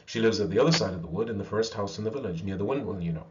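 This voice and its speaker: A man's voice: on the low side, rapid-fire, highs cut off, background noise, close to an everyday voice. A man reading as an innocent little girl. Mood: chatty.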